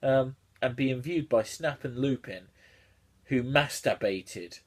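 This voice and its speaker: Sardonic man, husky voice. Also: mid-range voice, slow. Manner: sardonic, swearing, laughing asides. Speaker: YouTuber reviewing fan fiction. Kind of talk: comedic read-through commentary.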